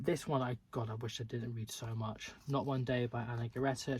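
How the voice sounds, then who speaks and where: A man's voice: mid-range voice, husky. A man reviewing books in a casual vlog, blunt and catty, chatting with lots of fillers. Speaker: book reviewer.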